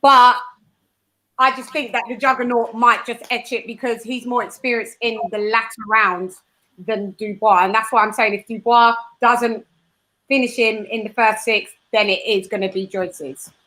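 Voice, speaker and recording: A confident woman from London gives her views on a boxing watchalong and trades teasing banter with the others. Her voice is bright and crisp and sits a bit high. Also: fairly even intonation, normal speed, poor audio. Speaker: guest panelist. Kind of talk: casual live watchalong chat.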